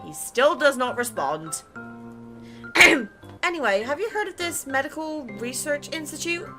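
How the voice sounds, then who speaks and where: A woman's voice: sits high, lively intonation, normal speed. A woman gaming creator reading a romance game aloud in a playful, chatty way. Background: game music.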